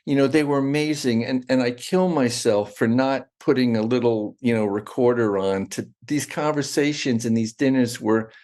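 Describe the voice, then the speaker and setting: A man's voice: mid-range voice, moderate pace, hardly any pauses, a little mellow. A middle-aged man talking as a guest in a casual interview, rambling and restarting his sentences often. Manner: rambling, with many restarts and fillers.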